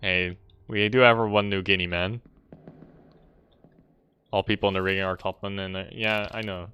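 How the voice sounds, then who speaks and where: A man's voice: deep voice, level tone, normal speed, bright, forceful tone, smooth. A man streaming a video game, thinking aloud in a hesitant, self-correcting way as he works through a puzzle. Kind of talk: casual gameplay commentary. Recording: game music playing behind. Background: game music.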